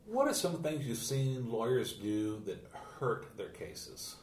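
A man's voice: medium pitch, very animated, takes it slowly. A man hosting a podcast interview, asking questions in a conversational way. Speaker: podcast host. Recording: roomy sound, distant from mic, faint noise.

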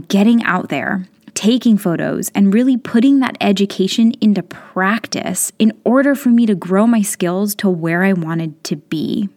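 A woman's voice: mid-range voice, mellow. A woman in her thirties hosting her own podcast, talking straight to listeners in a chatty, encouraging way with lots of casual fillers. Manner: chatty and encouraging, many "like" and "you know" fillers. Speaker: podcast host. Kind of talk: solo podcast monologue.

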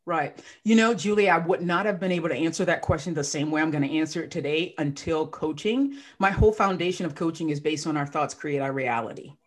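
A woman's voice: sits low, a little fast, few pauses. A woman life coach, a podcast guest, telling her story with feeling and acting out what people said. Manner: emotional, animated storyteller who acts out quotes. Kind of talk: casual podcast interview.

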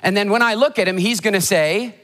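A motivational speaker telling funny stories in a keynote talk before a live audience, animated and acting out the voices of people in his stories. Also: high-pitched, brisk. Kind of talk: humorous storytelling keynote talk. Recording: hall reverb of a live talk.

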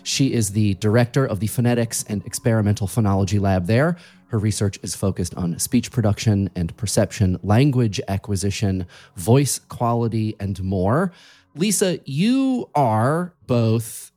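A man with a low, mellow voice hosts a podcast and narrates from a script. He tells his story playfully, and his voice jumps up high when he makes a point. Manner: playful, animated storytelling with sudden leaps in pitch. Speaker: podcast host.

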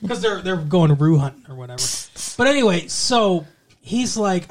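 A man's voice: sits high, sing-song, normal speed. A man co-hosting a podcast, recapping a TV episode in sarcastic, profane, jokey chat. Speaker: podcast co-host.

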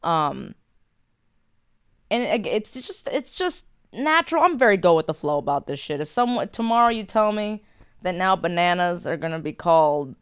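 An easygoing young woman, an actor, chatting on a podcast. Her voice is smooth and mid-pitched, recorded dry and close. She laughs often and drops casual swears. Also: sing-song, moderate pace, no echo. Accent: Cuban when speaking Spanish. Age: young adult. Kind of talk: casual chat.

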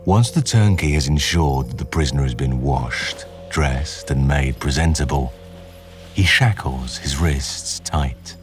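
A male podcast host narrates a history story in a scripted, dramatic way. His voice is extremely low and deep, and he paces each sentence with measured care. Soft music plays faintly underneath.

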